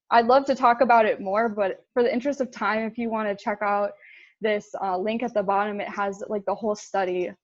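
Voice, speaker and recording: A woman's voice: a little high, no echo, highs cut off. A young woman giving a casual intern presentation, chatty, with fillers and laughs at her own slips.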